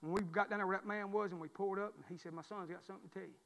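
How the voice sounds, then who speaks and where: A man in his forties preaches in a high, sharp voice. He tells a folksy story as a sermon, swinging from loud to hushed. The sound carries a long echo from the church hall. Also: steady tone, racing, creaky, highs cut off.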